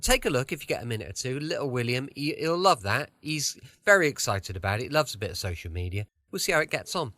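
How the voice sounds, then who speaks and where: A man's voice: medium pitch, sing-song, quick pace, few pauses, pushed and bright, no echo. A man hosting a podcast from home in a chatty, rambling way, with a slight lisp from a sore tongue. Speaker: podcast host. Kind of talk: casual podcast introduction.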